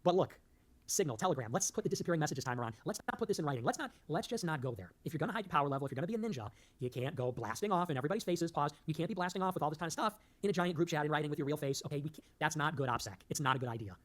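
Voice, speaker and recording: A man delivers a fast political monologue as a show host. His voice sits a bit high, and his rambling, emphatic delivery keeps tumbling forward with jokes mixed in. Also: lively intonation.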